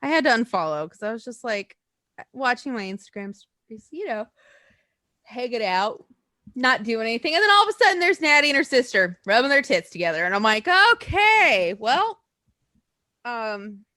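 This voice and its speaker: A woman's voice: a little high, sing-song, brisk, sharp tone, no room sound, studio quality. A woman co-hosting a podcast in casual, rambling chat, laughing often. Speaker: podcast co-host.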